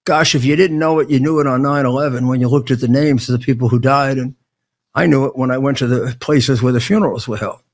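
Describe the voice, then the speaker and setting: An older man speaking in a casual monologue. He talks haltingly, with many restarts and stammered words. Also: mid-range voice, steady tone.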